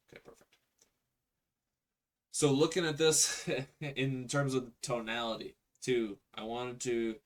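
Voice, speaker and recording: Low-voiced man coaching sales calls. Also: gravelly. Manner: casual, acts out sample sales call lines. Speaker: real estate sales coach. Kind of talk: instructional screen walkthrough.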